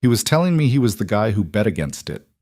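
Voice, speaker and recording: A man's voice: fairly low pitch, sing-song, no room sound, studio quality. Man voicing a weary, guarded mafia boss. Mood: reflective. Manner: quiet, measured, reflective.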